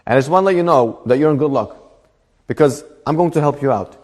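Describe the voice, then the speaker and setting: A man voicing a gentle, reassuring old man who offers to help a stranger. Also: fairly high pitch, fast, in a large hall, lightly acted.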